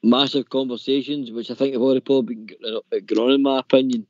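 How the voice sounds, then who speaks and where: A man's voice: mid-range voice, steady tone, fast talker, a little mellow, muffled recording. Opinionated man hosting a football phone-in. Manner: opinionated, repeats words, says "mate" and "in my opinion". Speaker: phone-in host. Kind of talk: casual football phone-in chat.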